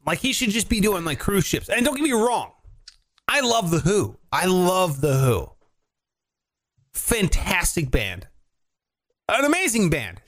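A man co-hosting a casual chat show, talking in an animated, profane, mocking way. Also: high voice, measured pace, pauses often. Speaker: podcast co-host.

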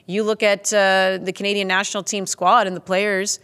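A woman hosts a relaxed soccer talk show, chatting in an easy way and often ending points with "right?". Her voice sits at a middle pitch for a woman. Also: normal speed. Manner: conversational, asks questions, says "right?" often. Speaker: host. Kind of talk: casual sports chat.

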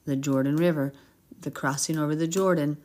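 A woman hosting a Bible podcast, reading scripture aloud and breaking off into expressive, giggly commentary. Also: low voice, fairly quick. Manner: expressive, giggly, acts out characters in paraphrase.

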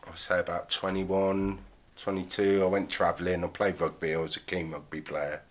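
A man's voice: deep voice, level tone, normal speed, slight background noise. A man with a southern English accent, a poet being interviewed, talking casually about his life in a rambling, hesitant way full of ums. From southern England. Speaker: podcast guest, poet.

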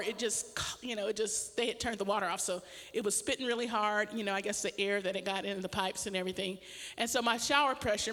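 A woman's voice: on the high side, big-room sound. A middle-aged woman pastor tells a personal story in a casual sermon, laughing often as she talks. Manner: animated storytelling with frequent laughter.

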